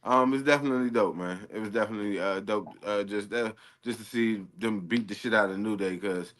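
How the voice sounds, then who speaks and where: A man's voice: on the low side, fairly quick, fairly bright tone. A man co-hosting a wrestling review podcast, talking in a loose, rambling way with lots of fillers and swearing. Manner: rambling, full of fillers and profanity. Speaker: podcast co-host. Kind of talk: casual wrestling review chat.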